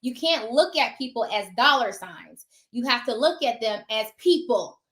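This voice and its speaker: A woman talking casually about her notary work, chatty and animated, acting out little scenes of dialogue, sounding tired. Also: fairly high pitch, moderate pace, echoey room. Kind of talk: casual advice talk.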